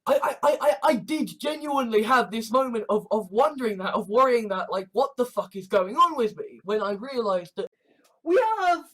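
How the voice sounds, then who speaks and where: A woman's voice: a little high, a little fast, few pauses, breathy edge. A woman talking in a casual, rambling monologue, swearing often and restarting her sentences. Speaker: online commentator.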